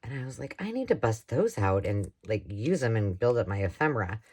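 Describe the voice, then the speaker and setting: A woman's voice: extremely low pitch, very animated, a little fast, darkish tone, slightly rough. Chatty woman crafting on camera. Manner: chatty, rambling, with frequent laughs. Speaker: craft vlogger. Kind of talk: casual chat while crafting.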